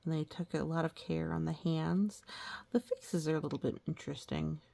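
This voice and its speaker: A woman reading old children's rhymes aloud, stopping to gently explain the lessons and pictures. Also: deep voice, normal speed, gravelly.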